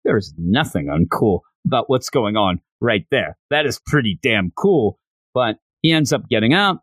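A man's voice: on the low side, sing-song, moderate pace, fairly bright tone, no room sound. Brief: man, casual rambling recap, very dry close sound. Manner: enthusiastic, rambling. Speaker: show reviewer.

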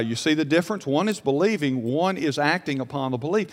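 High-voiced preacher with lilt, echoing hall. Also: male voice, animated, a little fast, few pauses. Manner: swings from loud preaching to quiet storytelling. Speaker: pastor. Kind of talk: sermon. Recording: long reverb of a large hall.

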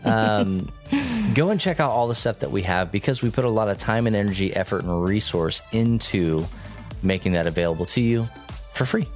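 A young man co-hosting a casual podcast, talking in an animated, jokey way with quick asides. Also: on the low side, soft background music. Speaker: podcast co-host.

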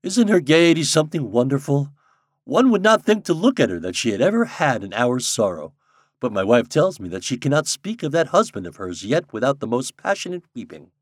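Man doing a grave, uneasy gentleman. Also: mid-range voice, sing-song, dry recording, clean studio sound, voice pushed up. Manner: anxious, measured. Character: tall grave gentleman, worried and scrupulous.

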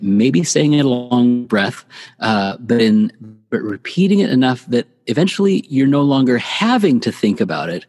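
Man, podcast guest, husky voice, explanatory, long reverb. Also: medium pitch, big pitch swings, moderate pace, darkish tone. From United States. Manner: thoughtful, explanatory, repeats phrases for emphasis. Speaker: author and guest. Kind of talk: podcast interview, reflective teaching.

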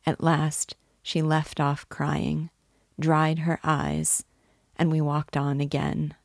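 A woman reads a novel aloud in a measured, unhurried way. Her voice is low and gravelly, and the pace is slow. The recording is close and dry. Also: a little mellow, dry recording. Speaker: reader and guide.

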